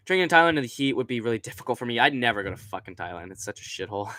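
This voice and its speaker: Young guy streaming, crude rambling chat, bright sharp voice, super dry sound. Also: medium pitch, big pitch swings, fast, no echo. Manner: crude, rambling, laughs often; reads out chat messages. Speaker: streamer host. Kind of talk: casual live-stream chat.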